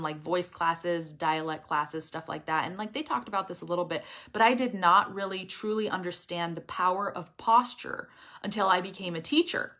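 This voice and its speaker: Bright, strong-voiced woman teaching English. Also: mid-range voice. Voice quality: strong, well-supported voice. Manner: energetic, emphatic, checks in with frequent "okay?". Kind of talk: casual online lesson.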